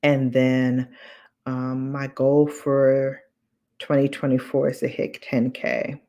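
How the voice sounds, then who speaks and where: A woman YouTuber chatting casually to viewers on a live stream, relaxed and repeating her phrases as she talks. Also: extremely low pitch, takes it slowly. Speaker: beauty and lifestyle YouTuber.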